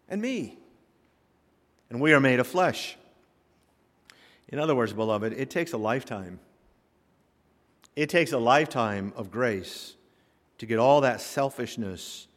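Preaching man in a reverberant church. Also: medium pitch. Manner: emphatic preaching with sudden loud rises and quiet drops; reads scripture aloud and comments line by line. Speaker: pastor. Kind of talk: sermon. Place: church sanctuary. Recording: long hall reverb.

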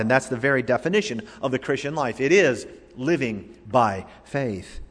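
A man's voice: medium pitch, expressive, moderate pace, husky. Man preaching in a reverberant hall. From Florida. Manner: emphatic preaching, swinging from loud to hushed. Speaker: pastor. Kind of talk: sermon.

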